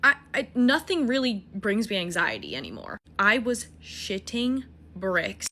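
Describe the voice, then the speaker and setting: Bright-voiced young woman telling a story. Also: medium pitch, unhurried, a little hiss or hum. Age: young adult. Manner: animated, profane, self-mocking. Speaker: storytime TikToker. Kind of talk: casual storytime monologue.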